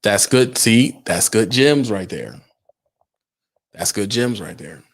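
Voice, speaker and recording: A man's voice: on the low side, lively intonation, takes it slowly. A young adult man, a truck driver, talking casually on a livestream, firing emphatic rhetorical questions at his viewers.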